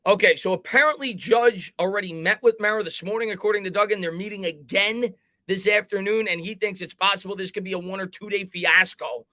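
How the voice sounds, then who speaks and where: A man's voice: sits high, a little fast, pushed and bright, no echo. A young man hosting a live fan sports talk stream, ranting emphatically and reading chat.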